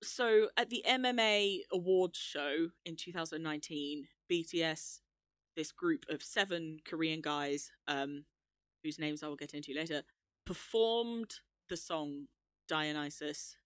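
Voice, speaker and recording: A woman's voice: sits low, unhurried, a bit bright, no room sound, studio quality. A young woman co-hosting a casual podcast, chatty and enthusiastic, laughing often. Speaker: podcast co-host. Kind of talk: casual chat.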